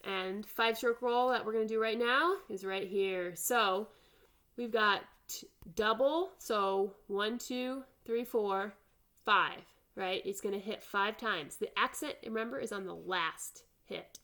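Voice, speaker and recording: A woman's voice: medium pitch, slow pace, sharp tone. A woman band teacher giving an online drum lesson, counting aloud and checking in with "all right?".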